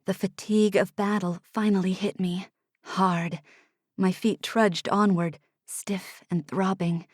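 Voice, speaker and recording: A woman narrating a first-person fantasy audiobook in a hushed manner, sometimes dropping to an unvoiced whisper, close to a studio mic. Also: medium pitch, no echo. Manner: hushed, drops to unvoiced whispers in tense passages.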